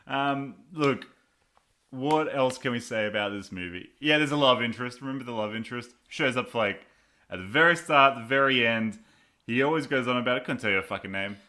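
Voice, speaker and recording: Bright-voiced man in sardonic movie chat. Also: medium pitch, a little fast. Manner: sardonic, laughs often, breaks into mock voices. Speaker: podcast co-host. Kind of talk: casual movie review chat.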